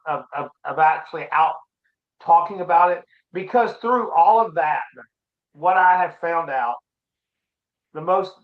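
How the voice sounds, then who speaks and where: A middle-aged man as an interview guest, telling his personal story in a halting, reflective, earnest way. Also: on the high side. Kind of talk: casual conversation, personal story. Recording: roomy, dull lo-fi sound.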